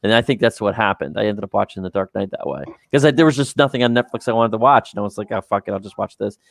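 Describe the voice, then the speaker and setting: A man's voice: lowish voice, fast, no room sound. A man co-hosting a casual livestream chat, rambling and repeating his words.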